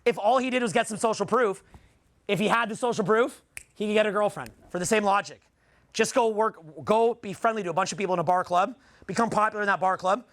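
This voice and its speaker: Very high-pitched, gravelly Canadian man. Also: fast, a bit bright, no echo. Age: 40s. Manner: profane, blunt, rhetorical questioning of the audience. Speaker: seminar speaker. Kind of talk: live seminar talk to a room.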